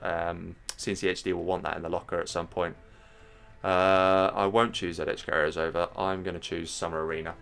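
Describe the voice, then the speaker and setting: A man in his thirties from England casts a live strategy match in a low voice, chatting with his viewers between plays. Music runs faintly underneath the talk. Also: vocal fry, smooth. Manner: chatty, addresses the chat directly, gets excited at plays. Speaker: stream host and caster. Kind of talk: live game commentary.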